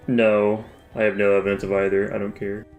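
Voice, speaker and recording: A man's voice: on the low side, flat delivery, fairly quick, darkish tone, soft background music. A young man co-hosting a podcast in casual chat, blunt and dismissive in tone. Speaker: podcast co-host. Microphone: podcast microphone.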